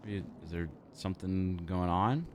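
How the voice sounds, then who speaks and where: A man's voice: deep voice, normal speed, background noise. A man streaming, rambling casually with lots of fillers and restarts into an XLR mic at his home setup.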